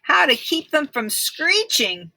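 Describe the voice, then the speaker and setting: Woman reader doing practical twin boy, blunt and eager, bright. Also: high voice, sing-song, slow, gravelly, no room sound, pitched above the performer's own voice, heavily acted.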